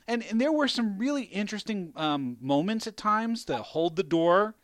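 A man hosting a casual chat, rambling and animated, swearing and laughing often. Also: high-pitched, normal speed, no room sound.

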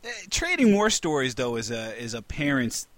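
A man co-hosting a casual chat, an animated storyteller who swears freely and laughs often. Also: mid-range voice, normal speed, no echo. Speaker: podcast co-host.

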